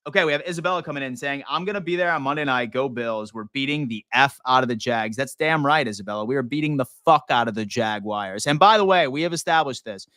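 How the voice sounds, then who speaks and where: Young male stream host from Western New York, bright, clear voice, dry close sound, loose and profane, hyped. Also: mid-range voice, fast talker, few pauses, no echo. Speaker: sports live stream host. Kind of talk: casual live stream chat.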